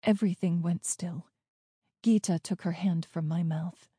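A woman reads a first-person story slowly, with a soft, breathy edge. Her telling is tense and hushed. The sound is dry and close, with no room around it. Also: fairly low pitch, fairly even intonation, no room sound. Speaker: audiobook narrator.

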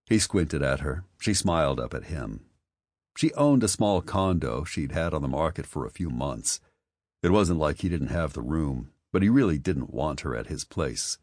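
A man narrating an audiobook with a very low voice that rises and falls expressively. The reading is close and dry, with no room sound at all. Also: moderate pace, no room sound. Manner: expressive storytelling. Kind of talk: scripted narration.

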